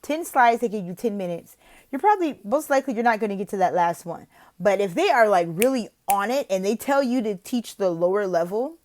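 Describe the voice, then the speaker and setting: A woman explaining how to teach an online lesson, walking through slides in an expressive, animated way. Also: brisk. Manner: animated, expressive, slips into whispers and a high sing-song teacher voice. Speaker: online English teacher giving interview tips. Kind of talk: instructional talk with acted classroom demos.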